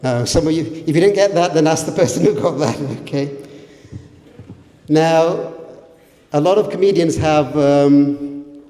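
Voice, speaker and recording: Man, stand-up comedy, conversational, self-deprecating, slightly high, echoey hall. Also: unhurried, pauses often, dark tone.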